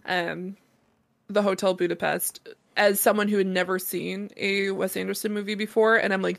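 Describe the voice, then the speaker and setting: Gravelly-voiced chatty woman co-host. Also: mid-range voice, flat delivery, moderate pace. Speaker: podcast co-host. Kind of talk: casual chat.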